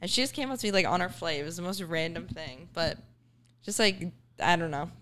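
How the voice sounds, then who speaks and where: A woman's voice: lowish voice, brisk, a bit bright, a little hiss or hum. A young woman, a fitness influencer, chatting candidly and casually on a podcast. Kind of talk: casual chat.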